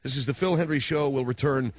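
A man's voice: medium pitch, quick pace, dull audio, loud music behind the voice. A man hosting a radio talk show, telling rambling comic stories with sarcastic asides. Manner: animated ranting storyteller, sarcastic asides. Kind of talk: rambling comic monologue on air. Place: radio studio.

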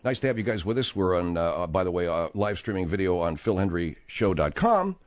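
Expressive, rambling male radio host. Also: deep voice, brisk, a little hiss or hum. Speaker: radio talk show host. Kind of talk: comedy talk radio.

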